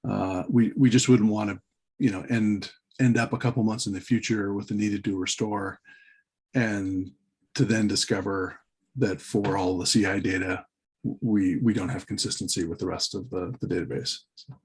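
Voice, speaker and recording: Husky, hesitant man on a video call. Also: fairly low pitch, fairly even intonation, normal speed. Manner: hesitant, many restarts and fillers. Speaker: meeting participant. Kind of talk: casual work meeting talk.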